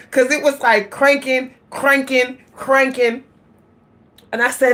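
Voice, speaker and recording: High-voiced and unhurried, this vlogger shares a story with her audience in a relaxed, lively way, laughing as she speaks straight to them.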